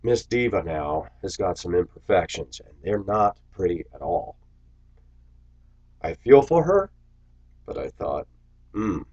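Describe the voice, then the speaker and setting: A man's voice: low-pitched, very animated, measured pace, pauses often, a little mellow, lo-fi sound. A man vlogging to his viewers in a bitter, sarcastic, preachy rant. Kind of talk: ranting to camera.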